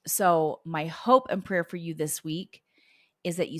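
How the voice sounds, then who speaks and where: Woman in her forties, podcast host, lower-pitched, close and dry; chatty, encouraging. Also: moderate pace, dry recording. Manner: chatty, warm encouragement with quoted dialogue. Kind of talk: casual solo podcast talk.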